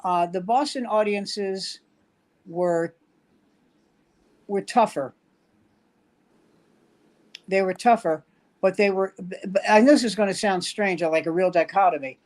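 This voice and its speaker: With a high-pitched voice, a slightly slow pace, and long pauses, an older New York man tells wry anecdotes. He's a veteran standup comedian guesting in a casual storytelling conversation, prone to rambling.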